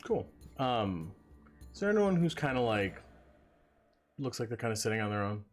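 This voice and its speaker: A man's voice: mid-range voice, sing-song, normal speed, faint music behind. A man taking part as a player in a tabletop game, talking casually and laughing often.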